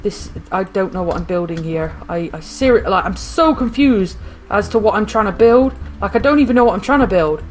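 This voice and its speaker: Hosting a gaming video, a woman gives live commentary on her own play, rambling to herself and frequently getting flustered and panicky. She speaks briskly at a medium pitch with lively intonation.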